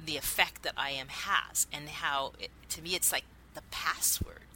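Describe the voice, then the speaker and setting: A woman's voice: deep voice, normal speed, sharp tone, a little hiss or hum, poor audio. A woman co-hosting a self-help talk show, sharing her own experience with enthusiasm. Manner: enthusiastic, shares personal testimony.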